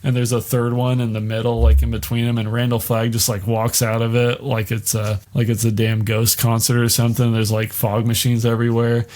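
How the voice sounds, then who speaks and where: A man's voice: medium pitch, completely flat delivery, brisk, hardly any pauses, darkish tone. A man hosting a podcast, casually recapping a miniseries in a loose, rambling way with lots of fillers and swearing. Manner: rambling, heavy use of "like", swears freely. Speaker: podcast host.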